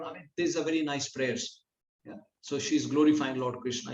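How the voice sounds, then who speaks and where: A man's voice: medium pitch, a little fast, a little hiss or hum. A man telling a scripture story in a conversational class style, often restarting his sentences. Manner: conversational, with frequent restarts and lively acted quotes. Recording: dull, roomy lo-fi recording.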